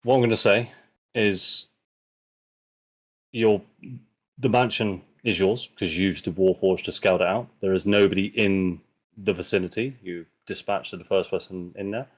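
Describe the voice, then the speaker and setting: Low-voiced game master. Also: male voice, normal speed. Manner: relaxed, easygoing narration with fillers. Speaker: dungeon master. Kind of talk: running a tabletop game.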